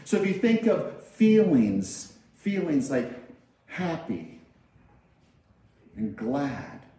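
A male minister delivers a sermon in a chatty, conversational way, often repeating phrases. His voice sits high and moves a lot, with a mellow, soft tone. The sound carries strong echo from a large hall. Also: big pitch swings, drawn-out words. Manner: conversational, repeats phrases and acts out everyday quotes. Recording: very echoey hall.

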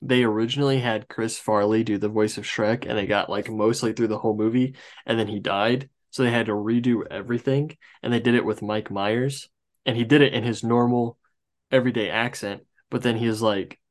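A man's voice: fairly low pitch, steady tone, a little fast. A man co-hosting a podcast, casually reviewing a movie and rambling through trivia asides. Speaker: podcast co-host.

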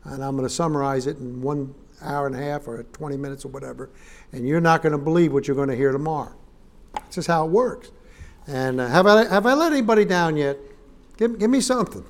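A man's voice: fairly high pitch, fairly quick. A man preaching to a congregation, opening his sermon with folksy jokes and calls for amens. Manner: folksy and joking, calls for amens and addresses listeners as neighbor. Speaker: traveling preacher. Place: church service in front of a live congregation.

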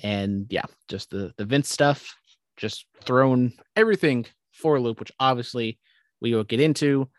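A man's voice: medium pitch, measured pace, no echo, studio quality. Rambling young man on a podcast. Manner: rambling, swears casually, many restarts. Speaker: podcast co-host. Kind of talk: casual chat.

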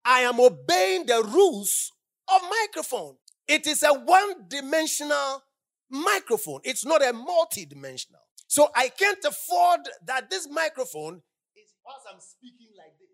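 A woman preaching a sermon in a church into a handheld microphone, shouting some lines and dropping to hushed asides, firing repeated questions at the congregation. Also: high voice, big pitch swings, normal speed, vocal fry. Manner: emphatic, swings from loud shouts to hushed asides. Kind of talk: sermon with congregation call-and-response. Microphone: handheld microphone held at the lips.

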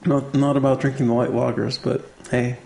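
Gravelly-voiced man tasting beer casually. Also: medium pitch, flat delivery, normal speed, warm tone, slight background noise. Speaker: co-host.

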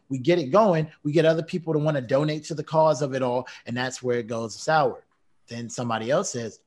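A man's voice: fairly high pitch, fairly quick. A man co-hosting a podcast, debating animatedly and acting out imagined conversations. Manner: animated storyteller, acts out quotes. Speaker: podcast co-host.

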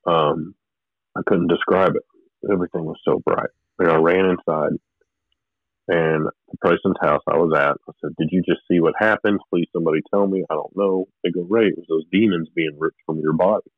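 A man's voice: low voice, steady tone, a little fast, dry recording, narrow, tinny audio. A man telling a personal spiritual story in a rambling way, with restarts and short laughs. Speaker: guest telling his testimony.

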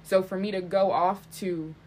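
Young woman, casual podcast chat, candid, rambling, laughs often, mid-pitched voice. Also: steady tone, moderate pace, darkish tone, a little hiss or hum. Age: young adult.

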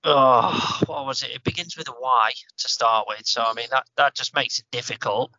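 A man's voice: mid-range voice, normal speed, bright, forceful tone, no echo. A man co-hosting a running podcast, telling a weekend story in a rambling, easygoing way. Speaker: podcast co-host. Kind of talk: casual chat. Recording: slightly dull, dry sound.

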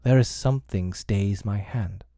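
A man's voice: measured pace, vocal fry, dry recording, studio quality. A man voicing a proud, commanding young boy leader in a storybook reading. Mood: troubled. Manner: lively, commanding, high-pitched.

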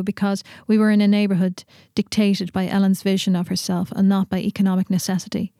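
A woman reading a literary short story aloud in a steady, measured way in a studio. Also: mid-range voice, no echo.

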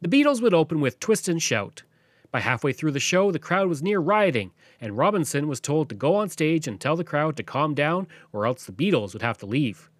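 A man hosting a podcast, narrating history from a script in a lively storytelling way. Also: fairly high pitch, a little fast, no room sound, soft background music. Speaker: podcast host.

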